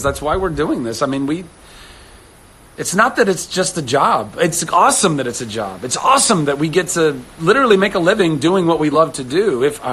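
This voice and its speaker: A man's voice: a little high, fairly bright tone, breathy edge. Playful man rambling on a phone livestream. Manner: playful and rambling, trying out accents. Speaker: actor hosting a livestream. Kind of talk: casual livestream chat answering comments.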